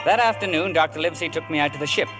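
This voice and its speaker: A man's voice: a little high, racing, close to an everyday voice. A man narrating his own boyhood story in a 1950s radio drama. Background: music.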